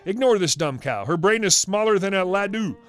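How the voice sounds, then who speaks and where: A man's voice: sits high, expressive, fairly quick, fairly bright tone, faint music behind. A man playing a sly, teasing husband. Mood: mocking.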